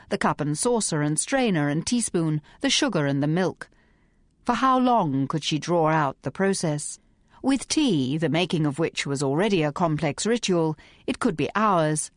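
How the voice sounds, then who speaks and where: A woman with a low voice reads a novel aloud at a measured pace. The recording is close and dry, with no room sound. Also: no room sound. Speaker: audiobook narrator. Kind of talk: scripted narration.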